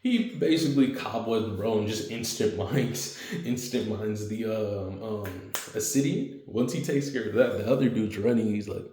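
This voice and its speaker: A man's voice: on the low side, normal speed, warm tone, echoey room, a little hiss or hum. A man telling a homemade fan story casually, rambling with slang and fillers.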